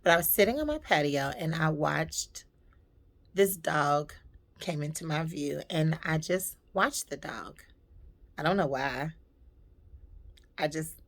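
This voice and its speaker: A woman vlogger telling a personal story in a heartfelt, reflective and emotional way. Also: deep voice.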